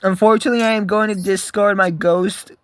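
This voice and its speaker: A man with a notably high-pitched voice talks his way through a card game in loose, casual commentary. He rambles, swears freely and keeps cutting himself off to restart his sentences. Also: fairly even intonation, a little fast, slight background noise. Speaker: gaming video creator.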